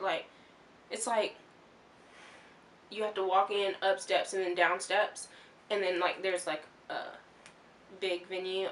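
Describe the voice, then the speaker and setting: A young woman telling her vlog audience a story in an excitable, rambling way, full of "like" and restarts. Her voice is bright and sharp, her pitch sits in the middle of the range, and there is a faint hiss of background noise. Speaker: vlogger.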